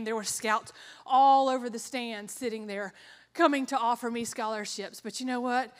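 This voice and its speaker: A woman's voice: on the high side, sharp tone. A woman giving an earnest personal testimony, telling her story with quoted asides in an echoey hall.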